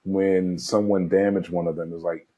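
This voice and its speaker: A man's voice: deep voice, flat delivery, normal speed, mellow, lo-fi sound. A man co-hosting a movie review chat, casually walking through scenes with lots of filler words. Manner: laid-back, recaps scenes with filler words. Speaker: podcast co-host.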